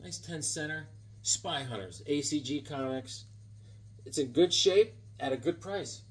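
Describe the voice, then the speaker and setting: Husky, animated man in his seventies. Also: fairly high pitch, measured pace. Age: 70s. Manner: enthusiastic, rambling, jokey. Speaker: comic book collector showing a haul. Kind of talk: casual haul video chat.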